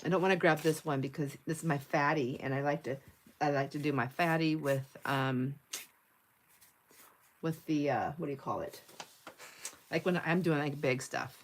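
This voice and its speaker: A woman's voice: sits low, steady tone, normal speed, pauses often, slight background noise. Chatty, laughing woman livestreaming while crafting. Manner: chatty, laughs often, reads viewer comments aloud. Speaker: livestream host.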